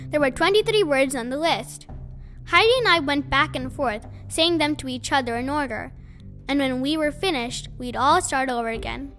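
A woman reading a children's novel aloud, telling the story in a gentle, unhurried way. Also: sits high, soft background music.

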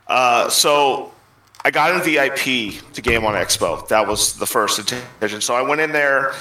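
A man guest on a gaming podcast, telling animated stories in casual chat and laughing often. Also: medium pitch, normal speed, rough recording. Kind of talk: casual storytelling.

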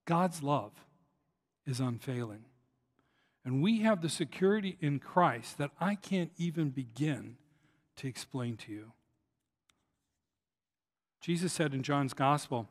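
A middle-aged man delivers a sermon in a slightly higher voice, swelling loud as he tells stories and sinking quiet for emphasis. His words ring out with a long reverb from a big hall. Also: animated, slow, pauses often. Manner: storytelling, rising loud on anecdotes and dropping soft on key points. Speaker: preacher.

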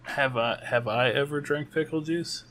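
A man's voice: mid-range voice, normal speed, fairly bright tone, slight background noise. A man co-hosting a podcast, chiming in with brief, dry remarks in a casual chat. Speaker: podcast co-host.

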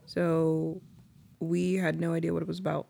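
Gravelly low-voiced woman co-host. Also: level tone, warm tone. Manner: wry, quick one-liners, laughs often. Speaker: podcast co-host. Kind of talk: casual chat.

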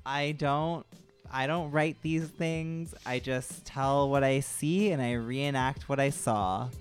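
A man's voice: medium pitch, fairly even intonation, slow, soft background music. A man hosting a podcast, chatting casually and laughing. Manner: laid-back, laughing. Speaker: podcast host. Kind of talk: casual comedic chat.

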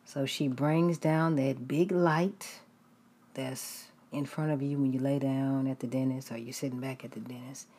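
A woman preaching, telling a story in a lively way with frequent whispered asides. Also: a bass voice, measured pace, breathy edge. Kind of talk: storytelling sermon.

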